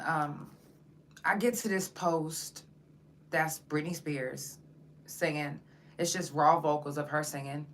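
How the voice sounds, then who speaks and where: A woman's voice: low voice, a bit bright, a little hiss or hum. A woman hosting her podcast in a casual, slangy monologue with plenty of profanity. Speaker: podcast host.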